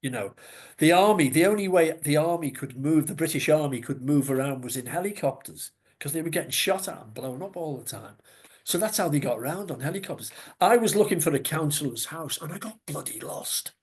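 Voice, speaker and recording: A middle-aged man with a Scouse accent, telling lively anecdotes as a podcast guest, with chuckles and salty asides. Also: on the high side, a little fast. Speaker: guest, former news reporter. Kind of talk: conversational storytelling.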